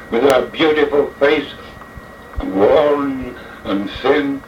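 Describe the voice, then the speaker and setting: A man recites a dramatic verse tale as an old head jockey, theatrical and deliberate in his phrasing. His voice is slightly high and sounds far from the microphone in a reverberant room. The old recording is dull and muffled, with faint noise underneath. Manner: theatrical, slow and deliberate delivery.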